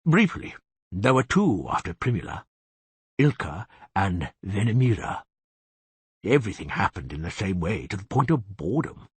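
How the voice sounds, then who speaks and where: A man reading the part of a genial, boastful cursed beast-man with a husky voice, chatting wryly in an audiobook. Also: lowish voice, big pitch swings, moderate pace, no echo, heavily acted. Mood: weary. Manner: chatty, confiding, wry.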